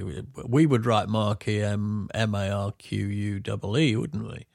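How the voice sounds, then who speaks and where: A man's voice: on the low side, steady tone, slow, creaky, darkish tone, no echo, clean studio sound. A middle-aged man with a Yorkshire accent, co-hosting a podcast and telling rambling, self-deprecating stories. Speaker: podcast co-host. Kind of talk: casual chat.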